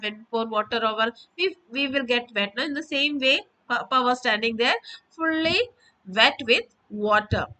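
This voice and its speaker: A woman walks students through a story lesson, stopping to define each word and saying it again in simpler terms. Her voice sits a little high, and her tone is bright and clear. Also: low-quality recording. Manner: explains word by word, repeating with "that means". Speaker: English teacher. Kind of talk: lesson explanation.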